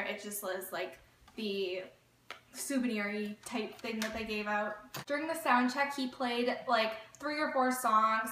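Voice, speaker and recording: A woman's voice: a little high, sharp tone. A woman vlogger telling a story in a gushing, chatty way, with lots of filler words. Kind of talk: casual storytelling vlog. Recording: echoey room, mic at a distance.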